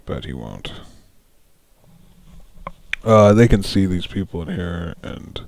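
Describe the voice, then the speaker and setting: A man's voice: sits low, big pitch swings, takes it slowly, vocal fry, darkish tone, dry recording. A man running a solo tabletop game as dungeon master, musing aloud, correcting himself and chuckling often.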